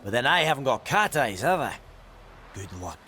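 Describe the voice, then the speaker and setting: An actor playing a bitter, sarcastic old dwarf blacksmith in a game, with a Scottish accent and a swearing manner. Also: male voice, mid-range voice, very animated, normal speed, pushed and bright, slight background noise. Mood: weary.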